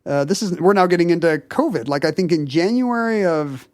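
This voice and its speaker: Podcast guy telling a story, kinda high voice, lots of uh and you know, dry close sound. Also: expressive, fairly quick, no room sound. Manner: chatty storyteller, frequent fillers and restarts. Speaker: podcast co-host. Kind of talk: casual chat, telling a story.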